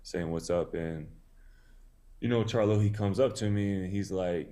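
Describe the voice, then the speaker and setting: Deep, mellow-voiced man telling a story. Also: moderate pace. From Tennessee. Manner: laid-back, many "you know" fillers, acts out quoted dialogue. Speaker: boxer, interview guest. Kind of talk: casual storytelling interview.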